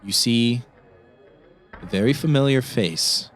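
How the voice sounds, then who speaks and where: Low-ish male game master, measured and descriptive. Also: fairly bright tone, faint music behind. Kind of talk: narrating a tabletop game.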